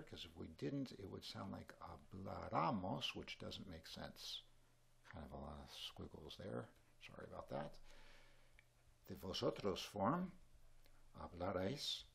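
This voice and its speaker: A man teaching a Spanish grammar lesson in at a whiteboard, explaining in a relaxed, chatty way with small asides. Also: deep voice, vocal fry, breathy edge.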